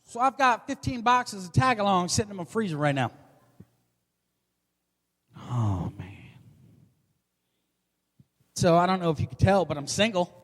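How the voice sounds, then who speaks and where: A man in his forties working a stand-up set with a high voice, firing off brash, profane, self-mocking punchlines. The sound carries a long hall reverb. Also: lively intonation, a little slow, long pauses, fairly bright tone. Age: 40s. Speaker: stand-up comedian.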